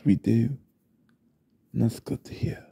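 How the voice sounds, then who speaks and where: A creepy whispered role-play: a British man plays an obsessive young goth stalker who keeps insisting he's innocent. The voice is slow, dark and husky. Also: medium pitch, no room sound, exaggerated voice. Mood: creepy calm. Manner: creepy, falsely innocent, soft denials. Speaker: ASMR role-play performer.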